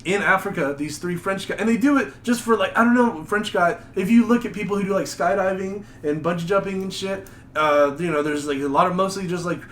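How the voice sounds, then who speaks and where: A man telling rambling, animated stories on a casual podcast. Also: high voice, fairly quick. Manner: rambling, animated storytelling with mocking put-on voices. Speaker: podcast host. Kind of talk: casual chat. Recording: echoey room with faint noise.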